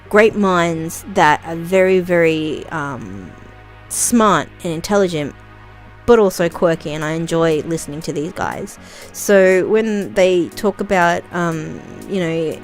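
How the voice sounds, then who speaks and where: Rambling chatty woman vlogger. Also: fairly low pitch. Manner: rambling, many ums, chuckles often. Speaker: vlogger reacting to video listings. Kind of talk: casual chatty commentary.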